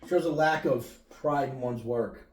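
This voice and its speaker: A man's voice: medium pitch, a little slow, darkish tone, echoey room, far from the mic. A man co-hosting a podcast, telling crude, joking, nostalgic stories in casual chat. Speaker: podcast co-host.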